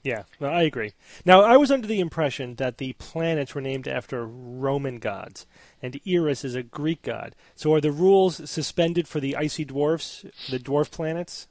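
Curious man co-hosting, slightly high voice. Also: moderate pace, darkish tone, no echo, clean studio sound. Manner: curious, asks questions. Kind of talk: casual podcast chat.

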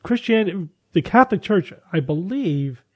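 A man's voice: high-pitched, animated, moderate pace. Thoughtful man podcast co-host. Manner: thoughtful, hedging, with fillers. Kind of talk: casual chat.

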